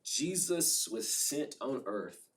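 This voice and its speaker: A man on a podcast as a guest, telling a story in an animated, colloquial way and laughing often. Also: medium pitch, slow pace, far from the mic.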